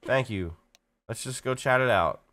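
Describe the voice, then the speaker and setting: A man streaming a roleplay game, talking fast in voice chat, pleading and joking with many restarts. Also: mid-range voice, sharp tone. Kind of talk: casual gaming voice chat.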